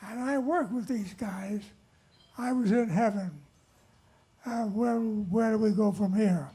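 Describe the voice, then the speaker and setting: An older man accepting an award on a nightclub stage, telling jokes in a halting, wandering way. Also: sits high, dark tone, breathy edge. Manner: halting and wandering, with lots of restarts. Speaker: award honoree. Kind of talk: rambling speech with told jokes.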